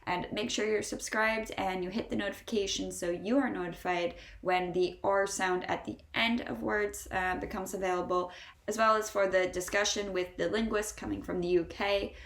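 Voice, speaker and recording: An American woman with a General American accent teaches English pronunciation in a roomy, echoing space. Her voice sits at a middle pitch. She talks through her points at a steady clip, then slows right down to stretch each example word out. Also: gravelly. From United States. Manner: slow, drawn-out model words between brisk explanations. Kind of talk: pronunciation lesson.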